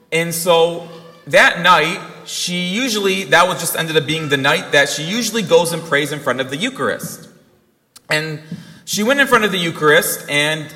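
A man's voice: a little high, sharp tone. A young man, a priest, giving an earnest Christmas sermon and telling a family story with quoted dialogue. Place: church. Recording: long reverb of a church hall.

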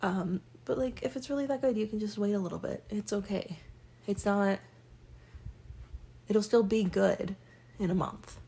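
A woman's voice: medium pitch, moderate pace, dark tone. A young woman talking casually to the camera as a vlogger, rambling and self-deprecating with lots of ums and restarts. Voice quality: raspy, creaky. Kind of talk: casual monologue.

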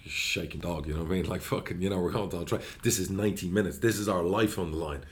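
A middle-aged man, a football club chairman, chatting casually in an interview, blunt and animated, swearing freely as he tells stories. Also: deep voice, fast, a little hiss or hum.

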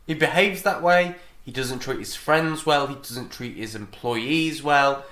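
A man's voice: medium pitch, measured pace, sharp tone. A man co-hosting a podcast, giving wry, blunt commentary in casual chat. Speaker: podcast co-host. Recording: roomy echo.

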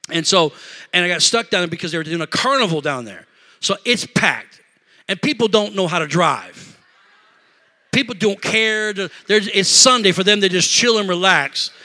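High, bright-voiced emotional pastor. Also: male voice. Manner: animated, emotional, talks to congregation with "y'all" and "amen". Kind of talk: sermon storytelling. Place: church sanctuary.

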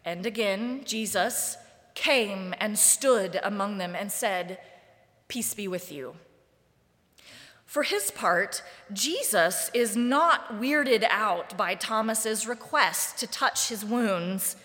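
A woman pastor delivers a sermon in a church sanctuary, deliberate and wryly conversational, her mid-range, fairly bright voice animated. The live-streamed service mic captures the sanctuary's long reverb around her.

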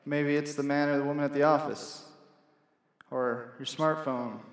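A man's voice: on the high side, steady tone, moderate pace. A young man preaching a sermon in a church, earnest and conversational, repeating key phrases for emphasis. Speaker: pastor. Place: church hall. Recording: echoey hall from far off.

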